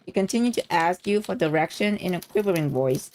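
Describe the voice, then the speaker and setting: A woman streamer reading a story game aloud, reacting excitedly and swearing freely between lines. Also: fairly low pitch, brisk, hardly any pauses.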